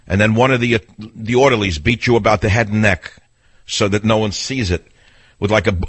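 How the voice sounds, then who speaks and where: A gruff, slightly husky older man behind a studio mic, his pitch swinging widely as he scolds and mocks. He talks in a blunt, sarcastic, argumentative way, like a veteran talk radio host. The sound is close and dry. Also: fairly bright tone, dry recording. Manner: blunt, sarcastic, argumentative, mimics people in voices. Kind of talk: combative call-in radio talk.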